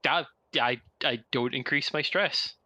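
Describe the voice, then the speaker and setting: A man playing a tabletop role-playing game, thinking aloud in a chatty, hesitant way. His voice is very bright and sharp at middle pitch, recorded dry and close. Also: a little slow, no room sound. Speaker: player. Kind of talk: casual tabletop play.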